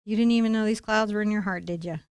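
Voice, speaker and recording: A woman's voice: medium pitch, fairly even intonation, quick pace, a little mellow, clear, resonant tone, dry recording. A woman leading a live-streamed painting lesson, talking playfully and encouragingly straight to her viewers. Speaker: painting instructor.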